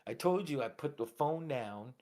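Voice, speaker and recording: A man's voice: fairly high pitch, lively intonation, moderate pace, darkish tone. A man chatting casually on a stream in slangy talk, calling his friends bro. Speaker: stream guest. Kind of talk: casual chat.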